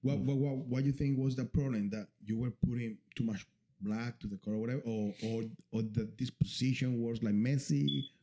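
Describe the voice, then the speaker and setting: A man hosts a podcast interview in a very dark, mellow voice. He asks his questions casually and hesitantly, with frequent restarts as he looks for the right words. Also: mid-range voice, fairly even intonation. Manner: halting, searching for words while asking. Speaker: podcast host.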